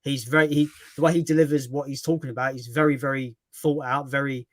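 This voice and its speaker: A man's voice: mid-range voice, fairly even intonation, fast, dry recording. A man with a British accent in a casual livestream chat, speaking candidly, swearing freely and poking fun at himself. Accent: British English.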